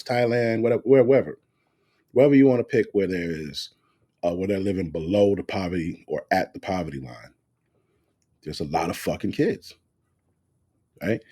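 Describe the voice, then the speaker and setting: Casting: man, co-host, blunt and crude, lively swinging pitch, mellow tone. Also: breathy edge. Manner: blunt, profane, animated rants. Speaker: podcast co-host. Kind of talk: casual profane chat.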